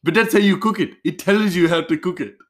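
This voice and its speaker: A man's voice: high voice, brisk, voice pushed up, close to an everyday voice. A man putting on a stubborn Indian-accented cook. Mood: insistent.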